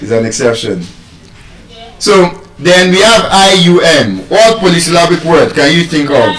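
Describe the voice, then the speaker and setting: A man's voice: medium pitch, animated, unhurried, a bit bright. A man with a Nigerian accent teaching pronunciation in a live lesson, stretching out and repeating example words. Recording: echoey room, far from mic.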